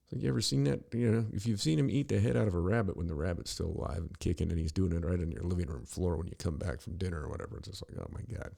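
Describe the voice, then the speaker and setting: A man's voice: low-pitched, rapid-fire, vocal fry, few pauses, mellow. A middle-aged man hosting a podcast, ranting in a rambling, profane, sarcastic monologue full of restarts. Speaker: podcast host.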